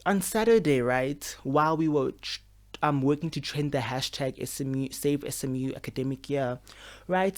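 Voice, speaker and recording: A man speaks straight to his camera from home. He talks in a loose, chatty way, full of fillers. There is frustration running under it. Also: on the high side. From South Africa. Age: 20s. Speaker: medical student vlogger. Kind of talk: casual vlog monologue. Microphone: camera with a mic.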